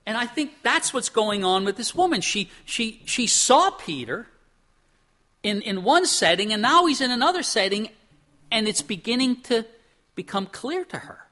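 The same kind of sermon comes from a Pennsylvania pastor with a very high, sing-song, sharp-toned voice at a moderate pace. He talks conversationally, asking rhetorical questions, acting out quotes, and repeating words as he restarts.

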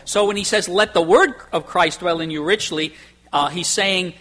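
Man, pastor, sermon, conversational, emphatic, rhetorical questions, slightly high, husky. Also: lively intonation, normal speed, bright, forceful tone.

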